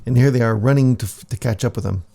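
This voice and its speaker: A man casually reading his own comic aloud, halting often and adding soft asides. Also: mid-range voice, vocal fry.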